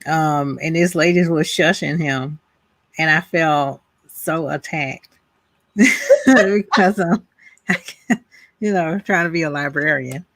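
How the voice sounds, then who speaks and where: A woman's voice: low-pitched, takes it slowly, long pauses, a bit bright, dry recording. A woman co-hosting a podcast, chatting casually about a show, laughing often and acting out quotes from it. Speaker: podcast co-host. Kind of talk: casual review chat.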